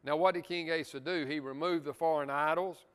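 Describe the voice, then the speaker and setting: A man's voice: fairly high pitch, steady tone, brisk, smooth, big-room sound. A man teaching a Bible study lesson in a church, earnest, stressing key words and adding asides to the class.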